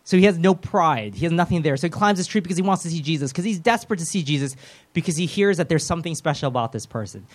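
A man preaching a sermon in a lively, conversational way, with self-deprecating humor and quick role-played voices. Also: a little high. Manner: animated, acts out voices of biblical figures.

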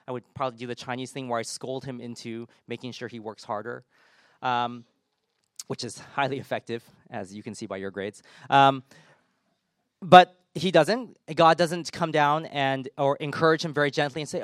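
A man preaching in a relaxed, chatty way, cracking dry self-deprecating jokes between points. His voice sits at a middle pitch and is recorded close and dry, with no room sound around it. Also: moderate pace, no room sound. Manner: informal, self-deprecating humor, many fillers. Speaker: pastor. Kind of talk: conversational sermon.

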